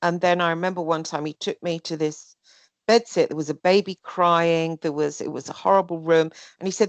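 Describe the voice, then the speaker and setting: Animated woman telling a story. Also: on the low side, brisk, dry recording. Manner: rambling, animated, mimics others' voices. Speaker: guest. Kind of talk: casual personal storytelling.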